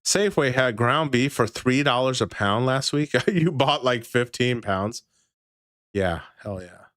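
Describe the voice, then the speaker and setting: Animated and speaking at a measured pace, this thirty-something livestream host rambles casually and swears a lot while reading and answering chat. His medium-pitched voice sounds a bit bright, recorded dry at studio quality.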